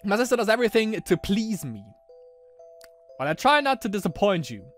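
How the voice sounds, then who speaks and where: A man's voice: high voice, sing-song, normal speed, soft background music, pitched above the performer's own voice. A man playing an arrogant Roman emperor. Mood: smug. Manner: grandiose, theatrical reading. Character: haughty young Roman emperor Caligula, arrogant.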